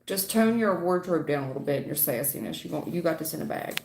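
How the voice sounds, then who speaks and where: A woman with a gravelly edge gives a live-stream tarot reading in a chatty, folksy way. She calls her viewers honey and baby, and her voice rings in an echoey room. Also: deep voice, animated, fast talker, a little mellow, slight background noise. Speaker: tarot reader.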